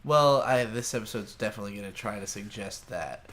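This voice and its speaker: A man's voice: on the low side, fairly quick, a bit bright. A man co-hosting an anime podcast, talking in a rambling, crude, joking way. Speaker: podcast co-host. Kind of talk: casual anime discussion.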